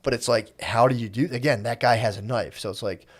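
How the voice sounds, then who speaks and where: Fast-talking, profane man co-hosting a podcast, riffs loosely and acts out scenes. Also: mid-range voice. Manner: rambling and profane, acts out scenes with quoted voices. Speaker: podcast co-host. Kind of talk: casual chat.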